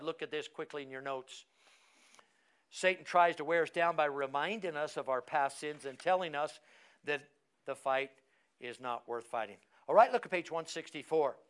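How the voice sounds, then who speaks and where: A man's voice: high-pitched, smooth. A man preaching a teaching sermon, who asks his class questions and calls on members by name. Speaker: pastor.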